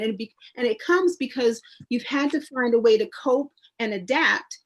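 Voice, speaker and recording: A woman, a public historian and genealogist speaking on a community panel, talking conversationally with frequent restarts and lively storytelling. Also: on the high side, normal speed, few pauses. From New York. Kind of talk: panel discussion.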